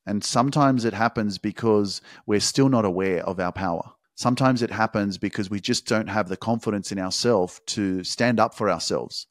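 A man hosting a podcast, giving an intense, profane motivational monologue with emphatic, drawn-out phrasing. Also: fairly low pitch, no room sound, studio quality. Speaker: podcast host.

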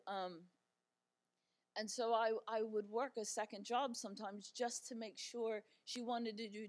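A middle-aged woman with a medium-pitched voice gives an encouraging talk as a guest speaker. She tells stories in a chatty way, sprinkling in fillers and light humor.

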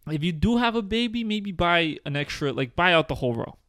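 Smooth-voiced young man, swearing storyteller. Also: sits high, a little fast, dry recording, clean studio sound. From New Jersey. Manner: animated storytelling, swears freely, restarts words. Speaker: podcast co-host. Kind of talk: casual chat.

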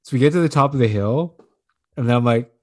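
Talking fast, a man chats casually on a podcast through a drawn-out, swear-laden story. He laughs frequently and slips into a higher voice to act out what people said.

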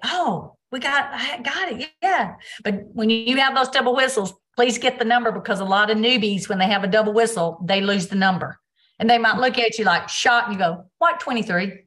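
A woman, a basketball official, answering interview questions on a video call and acting out what she says on court. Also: mid-range voice. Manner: animated storytelling, acts out quotes.

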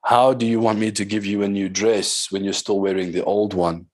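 A man's voice: fairly low pitch, flat delivery, moderate pace, dry recording. A man preaching a sermon as pastor, with emphatic calls to the congregation and short passages in tongues.

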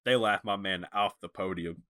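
A man co-hosting a casual chat who talks in an animated way and acts out quotes in different voices. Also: deep voice, moderate pace. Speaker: podcast co-host.

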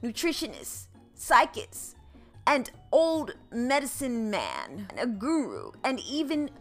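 A woman's voice: fairly high pitch, huge pitch swings, slow pace, faint music behind. A woman podcast host reading a children's book aloud, playful and adding comic asides. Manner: playful, laughs at her own asides.

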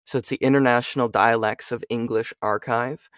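A man's voice: medium pitch, fairly even intonation, a little fast, dry recording. Chatty young man with a dry sound. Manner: chatty, asks "you know what I mean?" a lot. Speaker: voice actor and audiobook narrator. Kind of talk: casual interview chat.

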